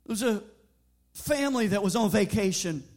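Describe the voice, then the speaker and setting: A preacher delivering an emphatic sermon in a church, telling stories and building to bold declarations. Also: male voice, high-pitched, lively intonation, normal speed, a little mellow. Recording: sermon over background music.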